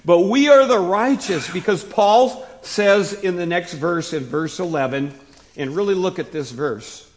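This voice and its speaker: A hoarse man preaching a sermon as pastor, often putting questions to the listeners and stopping now and then to cough. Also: sits high, measured pace.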